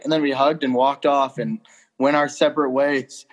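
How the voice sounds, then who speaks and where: A young man tells a bar story in an easygoing chat. His speech is loose and rambling, packed with fillers and casual swearing. His voice sits at an ordinary middle pitch. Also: little pitch movement, normal speed.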